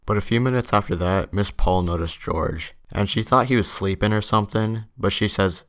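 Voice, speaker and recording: A man's voice: lowish voice, moderate pace, hardly any pauses, a bit bright. A man casually narrating a personal school story in a laid-back, profane way.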